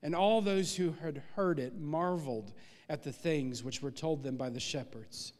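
Male pastor, high voice, animated sermon delivery, long hall reverb. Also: moderate pace. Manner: animated preaching, swelling louder on key points. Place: church sanctuary.

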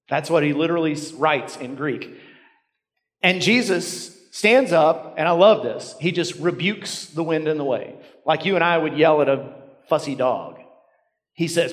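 A middle-aged man preaching a sermon as a pastor, telling stories and dropping his voice low and quiet for emphasis. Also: normal speed. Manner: storytelling, dropping to near whisper for emphasis. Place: church sanctuary. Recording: long reverb of a large hall.

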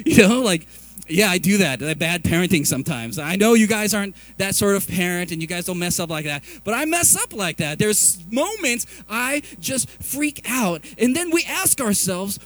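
Pastor, middle-aged man, fairly high voice, lively confessional sermon delivery. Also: moderate pace. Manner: animated, confessional storytelling with many restarts.

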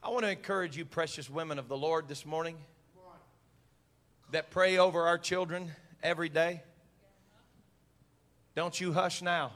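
A male preacher delivering an impassioned sermon, repeating phrases for emphasis and building from soft talk to shouting. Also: a little high, fairly even intonation, moderate pace, pauses often, big-room sound.

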